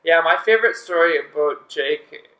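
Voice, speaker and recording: Brief: male guest, bright tone, lively storyteller, echoey room. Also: a little high, moderate pace. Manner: animated anecdote teller. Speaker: podcast guest, volleyball player. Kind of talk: casual chat. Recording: roomy studio echo.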